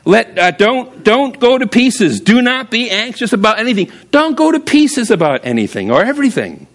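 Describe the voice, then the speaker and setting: A man preaching a sermon as pastor, casual and humorous, telling stories and often jumping up high for emphasis. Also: big pitch swings, moderate pace.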